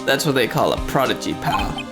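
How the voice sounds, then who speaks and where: A woman's voice: very deep voice, very animated, normal speed, over music, full character voice. A woman reading a folksy male detective. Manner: calls everyone "pal", plain reading voice.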